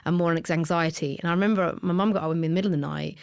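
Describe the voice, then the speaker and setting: A woman's voice: fairly low pitch, fairly even intonation, rapid-fire, gravelly, clear, resonant tone. A woman, a podcast guest telling her own story candidly and with feeling, sometimes sinking to a whisper. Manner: emotional, drops to a whisper when reliving moments.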